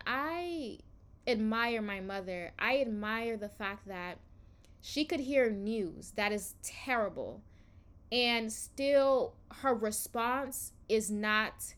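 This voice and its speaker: A young adult woman hosting a devotional podcast, reading scripture and then teaching in an earnest, reflective way with slow pauses. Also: fairly high pitch, a bit bright.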